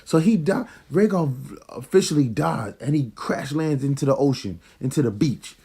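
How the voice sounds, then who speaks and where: Excitable man recapping an episode. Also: moderate pace, breathy edge. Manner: excitable, slangy, rises to high-pitched outbursts. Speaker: TV episode reviewer.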